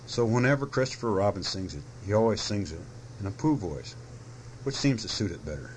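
A man gently reading a children's storybook aloud in a soft, unhurried way. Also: lowish voice, lively intonation, slight background noise, low-quality recording. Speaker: narrator.

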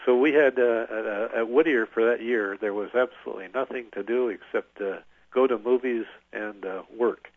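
A man's voice: mid-range voice, no room sound. Older man on a tinny phone-like line. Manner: halting, many filler pauses. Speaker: veteran interviewee. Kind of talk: oral history recollection.

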